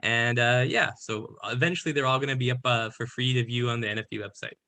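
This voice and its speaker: A man's voice: medium pitch, fast talker, pushed and bright. A man from Labrador, a filmmaker on a video-call panel, talking eagerly and casually with many fillers. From Labrador, Canada.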